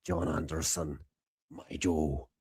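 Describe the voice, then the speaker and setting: A man's voice: rumbling low, steady tone, slow pace, darkish tone, husky, no echo, clean studio sound, pitched below the performer's own voice, exaggerated voice. A man doing a wobbly put-on Scottish poem reader. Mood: reciting. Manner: mock-solemn recitation, wobbling accent. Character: man reciting an old Scots poem.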